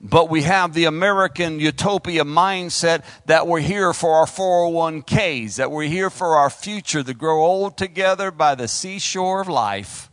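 A man's voice: fairly high pitch, measured pace, hardly any pauses, a bit bright, no echo. A man preaching a fervent sermon, calling out to the congregation and swinging his delivery up and down. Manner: fervent call-and-response preaching, rising and falling.

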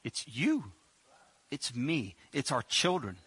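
Pastor, middle-aged man, playful sermon delivery, crisp bright tone. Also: medium pitch, slow pace, no room sound. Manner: jokey, animated, acts out Bible scenes.

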